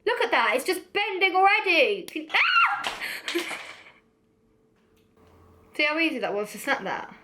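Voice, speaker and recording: A woman's voice: high voice, very animated, unhurried, long pauses, bright, forceful tone, a little hiss or hum. A young woman giving a casual, blunt beauty product review, chatty and laughing often. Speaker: beauty vlogger.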